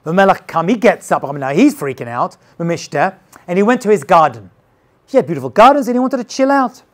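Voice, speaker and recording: A man's voice: sits high, big pitch swings, fast. A man teaching as a rabbi, who retells a scripture story in a dramatic, casual way. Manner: dramatic, casual, retells scenes with acted quotes. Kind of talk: animated storytelling lesson.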